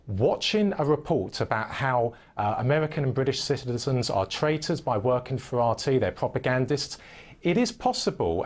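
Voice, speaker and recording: Emphatic man with a lively voice. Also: a little high. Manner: emphatic, deliberate. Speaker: panel guest. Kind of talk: debate commentary.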